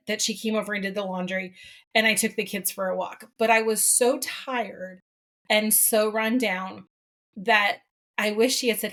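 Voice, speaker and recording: A woman's voice: mid-range voice, fairly even intonation, normal speed, a bit bright. Middle-aged woman, podcast co-host, casual and candid, rambling asides. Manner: candid storyteller, chatty with many asides. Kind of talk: casual conversation.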